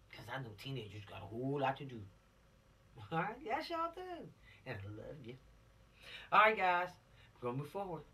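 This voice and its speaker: A man with a fairly high, bright, sharp-edged voice is giving a casual spoken lesson to teenagers. He talks straight at them, preachy and earnest, with rhetorical questions like a teacher. He sounds set back from the microphone. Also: distant mic. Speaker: teacher of a law video series for teens.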